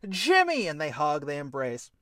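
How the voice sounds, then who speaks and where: A man co-hosting a podcast, pitching a film idea in an animated, casual chat and swearing freely. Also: moderate pace, no room sound, clean studio sound. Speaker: podcast co-host.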